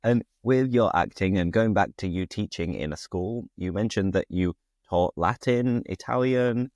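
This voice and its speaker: A man's voice: lowish voice, normal speed, a little mellow, no room sound, clean studio sound. A British man hosting a casual interview, asking curious questions with a friendly, chatty manner. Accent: British English. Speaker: host, English teacher.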